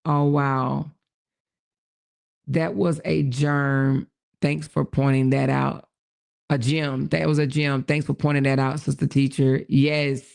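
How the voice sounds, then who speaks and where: A woman hosting a casual livestream, reacting to chat with quick exclamations and reading messages aloud, with features. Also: sits low, gravelly, darkish tone. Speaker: livestream host.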